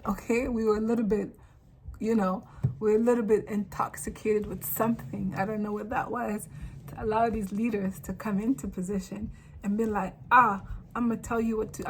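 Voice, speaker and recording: A woman from Africa talking straight to camera in a casual, animated monologue, full of rambling asides. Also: medium pitch, normal speed, a little hiss or hum, rough recording. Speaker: vlogger.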